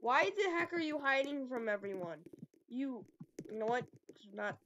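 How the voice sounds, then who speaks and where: A woman giving playful, excitable commentary while trolling players in a game, often giggling and trash-talking. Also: sits high, normal speed, lo-fi sound. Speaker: gaming video creator. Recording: noisy recording with clicks.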